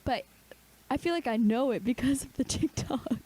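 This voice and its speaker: Young woman, podcast co-host, mellow voice, chatty, tired, lots of fillers. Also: sits high, expressive, normal speed, a little hiss or hum. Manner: chatty, says "like" often, tired. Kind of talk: casual chat.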